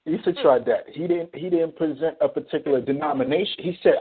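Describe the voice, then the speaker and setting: A man co-hosting a radio talk show, explaining his points in a measured, casual way. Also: fairly high pitch, slightly rough. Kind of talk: casual chat. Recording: tinny phone-line audio.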